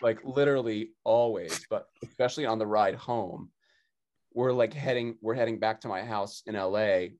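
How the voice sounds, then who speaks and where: A man hosting a casual video chat, telling quick animated anecdotes. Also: lowish voice. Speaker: host. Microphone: video call mic.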